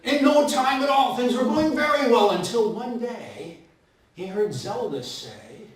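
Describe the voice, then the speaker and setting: A man's voice: very high-pitched, lively intonation, measured pace. A man telling a story at a live festival, rattling off tongue twisters with playful asides to the audience. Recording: echoey hall from far off.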